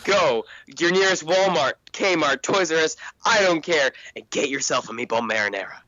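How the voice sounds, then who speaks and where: Young male co-host, bright lively voice, wisecracking, recorded on a phone, dry sound. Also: fairly high pitch, dry recording, highs cut off. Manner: joking, quick wisecracks. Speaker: podcast co-host. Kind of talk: casual podcast chat.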